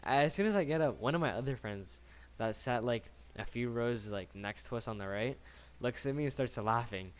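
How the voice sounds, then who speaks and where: A man's voice: mid-range voice, lively intonation, normal speed, clear, resonant tone. A young man in his late teens telling a casual story, rambling and slangy, swearing often and tagging his sentences with "right?".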